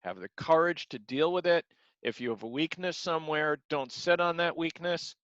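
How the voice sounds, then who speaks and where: Man, martial arts instructor, high voice, earnest, dry dull recording. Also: normal speed, fairly bright tone, no echo. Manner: earnest, repeats words, acts out quotes. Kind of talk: motivational class talk. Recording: dull lo-fi sound.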